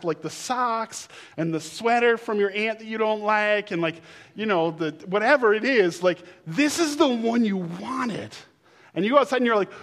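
A man with a high-pitched voice delivers a sermon in a church sanctuary. He preaches in a casual, conversational way and builds to excited shouts. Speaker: pastor.

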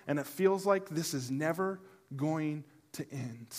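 Higher-voiced man preaching in church. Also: measured pace. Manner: humorous and animated in stories, softer and earnest toward the close. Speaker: pastor. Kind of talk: sermon with personal storytelling. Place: church service before a congregation.

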